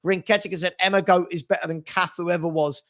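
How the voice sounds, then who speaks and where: A man's voice: high voice, fairly even intonation, fast talker, a bit bright. A man hosting a casual live football stream, reading out viewer comments in a rambling, chatty way with frequent restarts.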